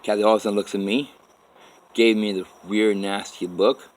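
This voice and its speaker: A man's voice: lowish voice, little pitch movement, moderate pace, rough recording. A man telling a personal story in a rambling, profane way, full of restarts. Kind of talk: personal story told to camera.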